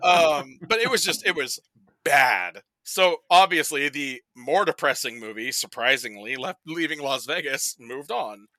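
A man chatting casually on a podcast as a guest, animated and rambling, packing his talk with "like" and quick put-on voices for the people he quotes. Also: mid-range voice, no echo. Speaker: podcast guest presenting a movie bracket.

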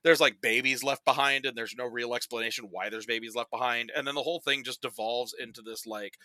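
A man chatting casually on a podcast as a guest, animated and rambling, packing his talk with "like" and quick put-on voices for the people he quotes. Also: mid-range voice, no room sound. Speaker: podcast guest presenting a movie bracket.

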